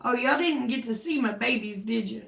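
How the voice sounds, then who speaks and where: A woman's voice: fairly high pitch, moderate pace, gravelly, fairly bright tone. A woman with a Southern drawl, chatting casually and effusively on a livestream from home. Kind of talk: casual chat. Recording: echoey room.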